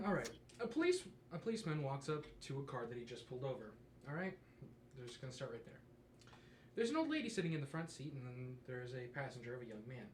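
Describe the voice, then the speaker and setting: A man's voice: medium pitch, big pitch swings, fast, roomy sound, a little hiss or hum. A young man in casual chat, telling jokes in a rambling way with edgy humor. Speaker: co-host.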